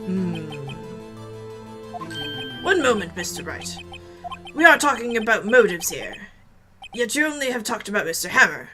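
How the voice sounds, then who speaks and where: A woman voicing a cool, sharp male prosecutor who raises measured objections. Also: mid-range voice, sing-song, music in the background. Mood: skeptical.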